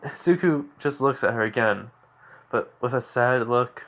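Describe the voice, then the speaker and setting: A man's voice: mid-range voice, steady tone, a little slow, sharp tone. A man casually retelling a fan story, rambling with constant fillers.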